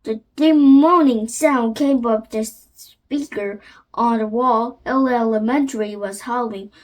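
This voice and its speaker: A Korean-native woman who hosts the channel reads a children's chapter book aloud in a high voice. She goes slowly, halting and frequently restarting as she reads with care.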